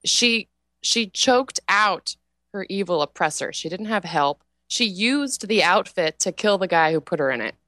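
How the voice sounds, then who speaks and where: A woman's voice: on the low side, lively intonation, unhurried, pushed and bright, no echo, clean studio sound. A woman guest on a comedy podcast, chatty and opinionated, laughing often. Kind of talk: casual comedic podcast banter.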